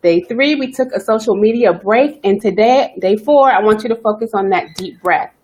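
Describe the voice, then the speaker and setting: A woman hosting a self-care live stream, talking fast and chatty, greeting viewers by name as she coaches. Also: medium pitch, darkish tone. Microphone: webcam or phone live stream.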